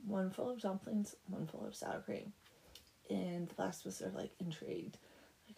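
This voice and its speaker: A woman's voice: mid-range voice, steady tone, normal speed, gravelly, warm tone. Chatty young woman retelling a story. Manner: chatty, sarcastic asides, lots of "like". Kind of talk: casual comic story retelling.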